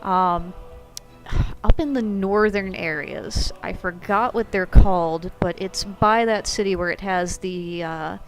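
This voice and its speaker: A woman co-hosting a casual gaming podcast, relaxed and teasing with a dry humor, rambling through her stories. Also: on the low side, takes it slowly, faint music behind, poor audio. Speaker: podcast co-host.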